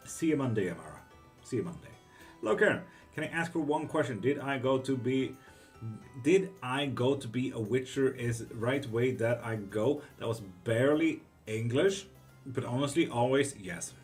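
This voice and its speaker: A man's voice: medium pitch, normal speed, faint music behind. A man hosting a casual livestream tarot reading who reads viewers' questions aloud and answers them bluntly, swearing freely.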